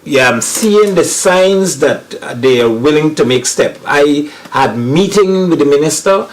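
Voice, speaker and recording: Man, Guyanese accent, somewhat high voice, rambling, earnest, restarts sentences, panel chat. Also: lively intonation, measured pace, poor audio. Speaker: comedian guest.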